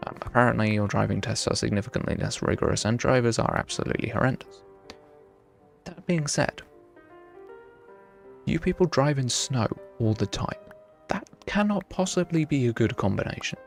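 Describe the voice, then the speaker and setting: Gravelly young British man streaming a game. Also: medium pitch, animated, moderate pace, soft background music. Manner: chatty, self-mocking, answers chat. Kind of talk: live gameplay chat.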